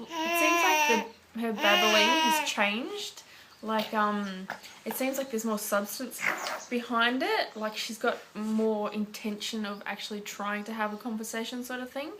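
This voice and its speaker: A woman's voice: on the high side, a little slow, background noise. An Australian woman chatting casually to camera as a parenting vlogger, rambling along with lots of fillers.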